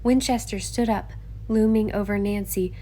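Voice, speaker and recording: A woman reading a novel aloud as narrator, in an even, measured storytelling manner. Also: mid-range voice. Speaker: audiobook narrator. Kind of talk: scripted narration.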